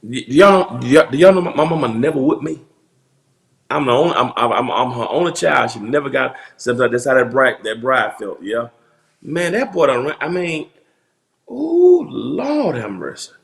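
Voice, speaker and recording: Animated laughing preacher man. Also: medium pitch, moderate pace, creaky. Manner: laughing, animated, joking mock prayer. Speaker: pastor. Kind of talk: playful preaching, reacting to viral videos.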